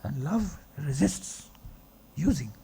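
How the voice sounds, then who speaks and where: Gravelly husky man lecturing. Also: fairly high pitch, animated, slow, dark tone. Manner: discursive, asks rhetorical checks like okay and right. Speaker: philosophy professor giving a lecture. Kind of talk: public lecture.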